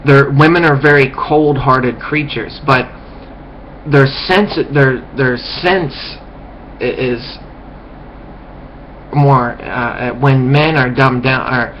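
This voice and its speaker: A man rambles through a contemptuous rant at a slow, dragging pace, stumbling and restarting his phrases. His voice sits at an average pitch. The recording is dull and lo-fi with a faint background hiss. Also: steady tone, a bit bright. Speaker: vlogger. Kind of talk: ranting monologue.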